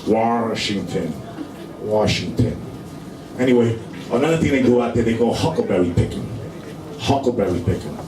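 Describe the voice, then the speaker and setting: A man's voice: mid-range voice, lively intonation, fast, far from the mic, crowd noise. A middle-aged man with a New York accent doing a rambling stand-up comedy set to a live club audience, peppering everything with "you know". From Brooklyn, New York. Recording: echoey club room with noisy ambience.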